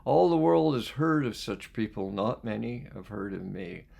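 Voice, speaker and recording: A man reading a book aloud as a life skills coach. He reads reflectively and pauses to put questions to his listeners. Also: fairly low pitch, expressive, creaky, darkish tone. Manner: reflective, poses questions to listeners between passages. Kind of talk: reading aloud with spoken asides.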